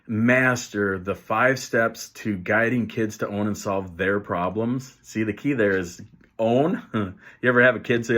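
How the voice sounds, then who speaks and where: A man's voice: on the low side, a little slow, fairly bright tone. Man explaining with acted examples. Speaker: educator. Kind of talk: teaching video to camera.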